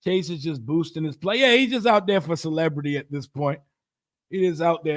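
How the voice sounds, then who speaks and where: A man talks sports in a loose, slangy livestream. His voice sits high and he breaks into laughter often. The sound is dry and close. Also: fairly quick, no echo. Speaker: sports podcast host. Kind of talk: casual livestream commentary.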